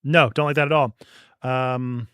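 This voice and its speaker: A man's voice: mid-range voice, fairly even intonation, a little slow, a bit bright, clear, resonant tone, dry recording, clean studio sound. A man streaming a video game in casual commentary, thinking aloud as he tinkers.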